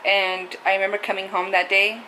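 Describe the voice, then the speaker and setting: A woman's voice: mid-range voice, flat delivery, a little fast, sharp tone, slight background noise, poor audio. A young adult woman talking to camera in a casual, confessional vlog, rambling and saying "like" a lot. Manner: rambling, heavy use of "like". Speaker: vlogger.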